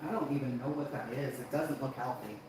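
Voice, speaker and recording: A woman hosting a casual livestream from home, chatting with viewers and laughing often, then coaxing her dogs inside in a high voice. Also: fairly quick. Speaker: livestream host. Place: at home, indoors. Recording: very echoey room with background noise.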